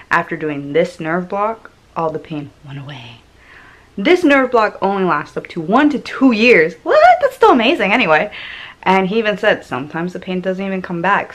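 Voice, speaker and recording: A woman's voice: on the low side, a bit bright, low-quality recording. A young woman vlogging casually to camera, talking candidly and chattily and swearing freely. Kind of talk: casual vlog talk to camera.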